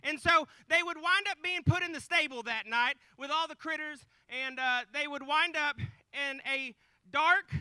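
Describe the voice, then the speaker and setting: On stage before a live audience, a man in his thirties gives a folksy, joking retelling of the nativity, tossing asides to the crowd. His voice is very high and sharp, delivered at normal speed. The recording is dry and low in quality.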